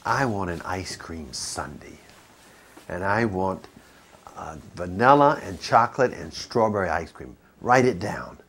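A man's voice: deep voice, lively intonation, unhurried, fairly bright tone, slight background noise, voice pushed down, heavily acted. A man voicing an elderly wife giving her husband a long, fussy order. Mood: bossy. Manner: bossy, listing orders.

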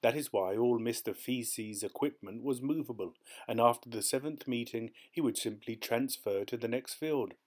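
A man narrating a short story as an audiobook in a steady, measured way. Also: medium pitch.

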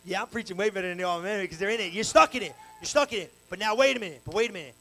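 A male pastor preaching a live evening sermon in church on a handheld mic, animated and colloquial with call-and-response. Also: high voice, very fast, rough recording. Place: church sanctuary, live service. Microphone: handheld microphone.

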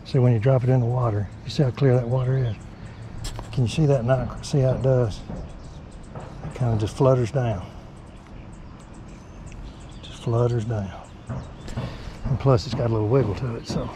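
A folksy man hosts an outdoor fishing vlog from a lakeside bank, keeping his voice deliberately soft. He has a mid-pitched voice and talks to viewers as friends, with faint open-air ambience behind him. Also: fairly even intonation, noisy background. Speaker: fishing channel host. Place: outdoors on the bank of a small neighborhood lake.

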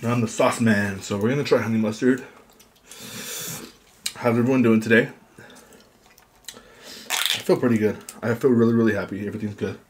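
A man's voice: lowish voice, fairly even intonation, normal speed, pauses often, slight background noise. A young man chatting casually with viewers while eating a big meal on camera, talking between bites. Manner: quiet murmured prayer. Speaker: mukbang vlogger. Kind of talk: casual eating vlog chat.

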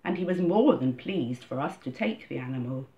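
A woman's voice: sits low, expressive, mellow. Woman reading a church reflection. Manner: measured, storytelling delivery. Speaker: church reader. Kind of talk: scripted first-person reflection reading. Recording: dull lo-fi recording.

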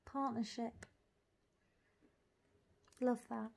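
A woman walking through an oracle deck card by card, calling out each name and meaning with soft, gushing admiration. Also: on the high side, fairly even intonation, drawn-out words, gravelly. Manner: dreamy, admiring, lingers on single words; soft laughs and gushing asides. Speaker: tarot reader reviewing an oracle deck. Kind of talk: casual unboxing walk-through.

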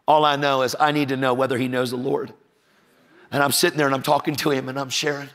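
A middle-aged man with a mid-range voice talks fast while preaching a storytelling sermon. Full of energy, he acts out the voices of people in his stories and jokes with the audience.

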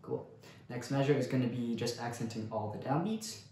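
A man talks through a snare drum lesson in a relaxed, casual way, counting rhythms aloud as he goes. His voice sits in a very echoey room, with faint noise underneath. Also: mid-range voice, moderate pace. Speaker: percussion instructor.

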